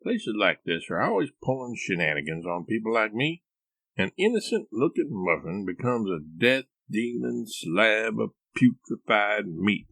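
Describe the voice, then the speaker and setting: A man's voice: fairly low pitch, sing-song, a little slow, vocal fry, a bit bright, no echo, full character voice. A man voicing a paranoid, grandiose eccentric husband who talks in a pompous, grandiloquent way. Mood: grave.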